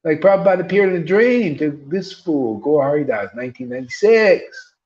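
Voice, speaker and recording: Man, spiritual teacher, casual sermon, animated delivery, jokes and laughs often, dull lo-fi recording. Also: a little high, a little fast, slight background noise. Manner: animated, joking, preacherly. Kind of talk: informal devotional sermon.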